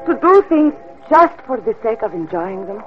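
An actress playing an earnest young Russian woman in a 1950s radio drama, speaking softly and wistfully. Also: fairly high pitch, big pitch swings, normal speed. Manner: soft, wistful, pleading. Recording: dull lo-fi old radio recording. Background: music.

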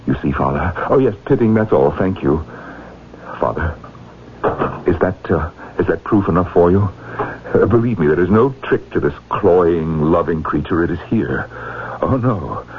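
A haunted professor, stammering, agitated, low voice, tinny old radio sound. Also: male voice, lively intonation, measured pace. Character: anxious, haunted middle-aged male professor. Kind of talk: 1960s radio drama acting. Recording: tinny phone-like old radio audio with faint noise.

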